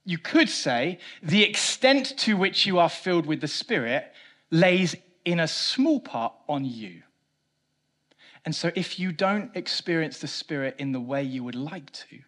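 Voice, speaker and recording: A man preaching a sermon, swinging between loud emphatic lines and quiet low ones, with a self-mocking touch. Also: moderate pace. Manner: animated preaching, rising loud for emphasis then dropping soft. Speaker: pastor.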